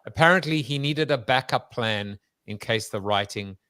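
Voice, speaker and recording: A man voicing a deadpan male programmer, reading an introduction in a flat monotone. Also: mid-range voice, normal speed, clean tone, no echo, natural voice.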